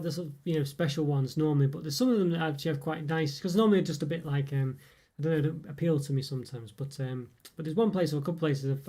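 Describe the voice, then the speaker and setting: A warm, fairly high male voice belongs to a livestreamer reviewing snacks. He chats casually through viewer comments, rambling and chuckling with many filler words.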